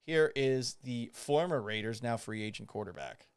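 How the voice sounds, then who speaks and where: A man hosting a live sports talk show, delivering an animated, sarcastic monologue and swearing for emphasis. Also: mid-range voice, moderate pace, clear, resonant tone, no room sound, clean studio sound. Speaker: podcast host.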